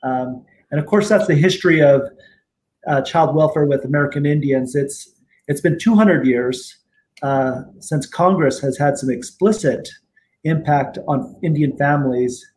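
A middle-aged man talks as a guest in a casual interview, wandering through his stories with plenty of fillers and restarts. His voice sits a little on the high side for a man. A faint hiss is heard behind him. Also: measured pace. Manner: relaxed, rambling, frequent fillers and restarts. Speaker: guest attorney and tribal judge.

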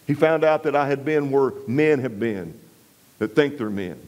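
A man from West Texas, preaching a revival sermon in a folksy storytelling way, dropping low and quiet for emphasis and pressing harder on scripture. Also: expressive, normal speed, low-quality recording.

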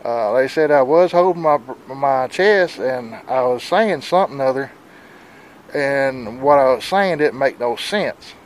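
In a windy outdoor vlog shot on a handheld camera, a man in his 40s from the Southern United States talks in a plain-spoken, worried, rambling way, breathless and with a stuffy nose. His medium-pitched voice is expressive and unhurried, and the rough audio has some hiss or hum.

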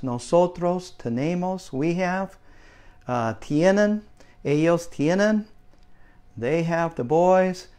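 A man teaching a beginner language lesson in a slow, patient way, checking in with "okay?" as he goes. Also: fairly high pitch, a little mellow. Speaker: Spanish teacher.

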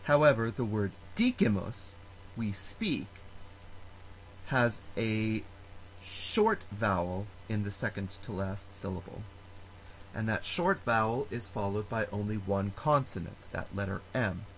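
Man explaining Latin, lively and careful. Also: on the low side, creaky, slight background noise, low-quality recording. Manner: slow, careful explanation with spoken examples. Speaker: Latin teacher. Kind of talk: recorded lecture.

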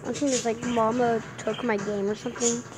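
A woman's voice: fairly high pitch, flat delivery, brisk, low-quality recording. A woman hosting a gaming channel, giving casual commentary in a jumpy, playfully exasperated way.

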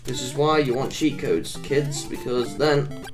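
A woman giving excitable, self-mocking commentary while playing a video game, often exclaiming at what happens on screen. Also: very deep voice, measured pace, music in the background. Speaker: gaming YouTuber. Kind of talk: let's-play commentary.

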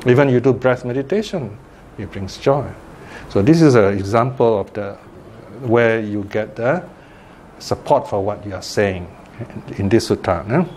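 An older man gives an informal Dhamma class in a relaxed, conversational way, often asking listeners "okay?" and "right?" and chuckling now and then. His voice is fairly low and a little slow, with slight background noise.

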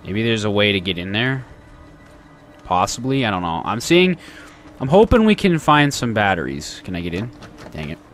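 A man gives let's play commentary on a horror game, his pitch jumping around a lot as he reacts. He is chatty and often speaks straight to the characters on screen. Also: sing-song, normal speed, pauses often, a bit bright, soft background music. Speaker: gaming channel host.

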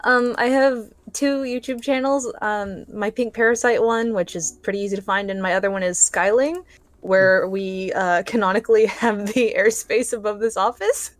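A woman's voice: medium pitch, normal speed, no room sound. A woman guest on a casual livestream, chatting with giggles about her own projects. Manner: chatty, giggly, earnest self-promotion. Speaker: stream guest.

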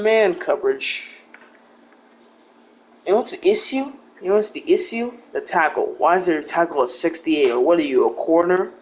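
A man's voice: a little high, a little hiss or hum. A young man giving casual, rambling gameplay commentary with joking, blunt trash talk. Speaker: gaming video creator.

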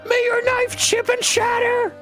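A man voicing a sparkly, cheerful female fairy helper in a high, squeaky falsetto, slow and sing-song. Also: monotone, sharp tone, faint music behind, full character voice. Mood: sugary.

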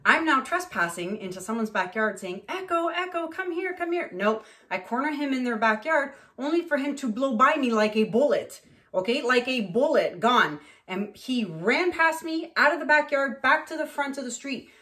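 A middle-aged woman from Canada chats her way through a painting session, telling a story with lively energy. Her voice sits a little high, and she slips into the voices of the people in her story as she talks. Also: normal speed. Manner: animated, acts out voices in her stories. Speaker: acrylic pour painter. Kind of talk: casual storytelling while painting.

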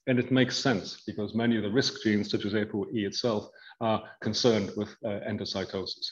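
A man lecturing on research, walking the audience through slides in a measured, hedging way. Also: fairly low pitch, steady tone, lo-fi sound. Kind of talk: academic lecture.

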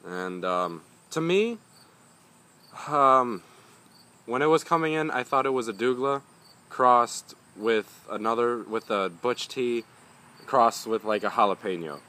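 Rambling, profane young man with a bright voice. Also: medium pitch, measured pace. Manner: rambling, swears often, grumbling. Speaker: pepper reviewer. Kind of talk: casual vlog talk.

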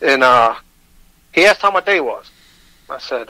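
A man's voice: mid-range voice, expressive, normal speed, bright, forceful tone, no echo, rough recording. A man with a Michigan accent, telling his personal story as a radio guest, candid and self-deprecating, with hesitant restarts.

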